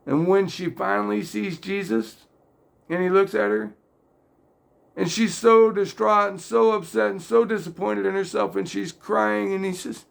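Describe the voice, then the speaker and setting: A man with a high, creaky voice hosts a casual faith talk, speaking unhurriedly and pausing often. He's earnest and rambles a little while retelling stories, sometimes getting loudly excited and emotional.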